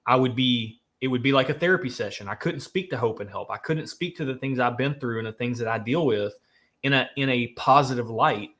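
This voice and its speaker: A man's voice: mid-range voice, brisk, fairly bright tone. A man from Nashville, co-hosting a charity livestream in earnest, emphatic casual chat. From Nashville, Tennessee. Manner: earnest, emphatic, reads donor comments aloud. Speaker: livestream co-host.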